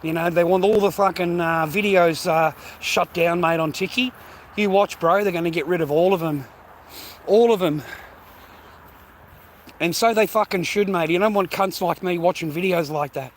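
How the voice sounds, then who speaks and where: A slightly high-voiced Australian man rambles and swears through a casual vlog while walking outdoors. He is a touch breathless from the pace, with faint street noise behind him. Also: moderate pace. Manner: profane, rambling, blokey slang. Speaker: vlogger. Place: outdoors on foot.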